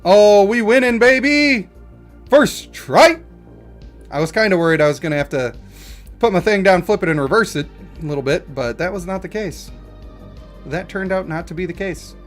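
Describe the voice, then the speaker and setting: A game streamer commentating live, reading game text and going off on animated, rambling comic rants. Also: medium pitch, brisk, soft background music.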